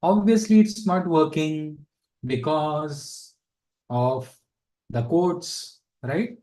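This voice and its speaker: Man, coding instructor, fairly high voice, unhurried, chatty with asides. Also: animated, warm tone, poor audio. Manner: casual, thinks aloud with fillers and asides. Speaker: programming instructor. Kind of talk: live coding lesson.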